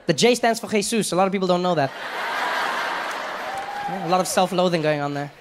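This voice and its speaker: A man's voice: high-pitched, a little fast, very noisy. A man performing stand-up comedy, checking in with the audience between punchlines. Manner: checks in with the crowd, punchy asides. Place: live comedy venue with audience.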